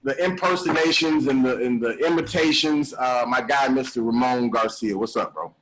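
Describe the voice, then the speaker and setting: A man in the middle of his range hosts a relaxed podcast chat over a live stream. He talks in a laid-back way, circling back over his words with fillers and restarts. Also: medium pitch, normal speed, low-quality recording. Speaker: podcast host. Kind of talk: casual chat. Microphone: live stream call.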